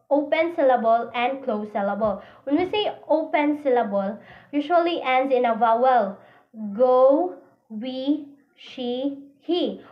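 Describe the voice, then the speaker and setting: A woman with a Cebuano accent giving a classroom lecture. She reads out definitions, starts many sentences with "so", and switches into Cebuano. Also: high voice. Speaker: presenter of a phonology lesson. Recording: dull lo-fi recording.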